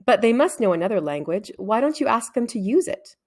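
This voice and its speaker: Patient, measured woman scholar read by a woman narrator, storybook voice with a lively pitch. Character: calm, patient adult woman scholar on the phone.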